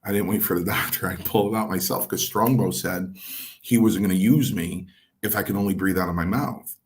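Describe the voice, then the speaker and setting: A man's voice: deep voice, brisk. A middle-aged man, a former pro wrestler, telling stories in an interview and acting out the dialogue. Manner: animated storyteller acting out quoted dialogue. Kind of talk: shoot interview storytelling.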